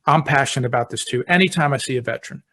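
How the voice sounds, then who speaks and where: Relaxed middle-aged podcast host. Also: male voice, medium pitch, rapid-fire. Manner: relaxed, talks through anecdotes step by step. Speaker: podcast host, deputy fire chief. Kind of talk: conversational storytelling.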